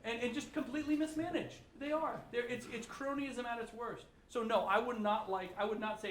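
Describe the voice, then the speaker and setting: A man holds forth as a governor, blunt and ranting, voice pitched high for a man. He speaks fast, and the large room around him rings with echo. A soft ambient hiss sits behind him. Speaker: state governor speaking at a forum. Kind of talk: impassioned public remarks. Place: large echoey room with an audience. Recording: roomy echo.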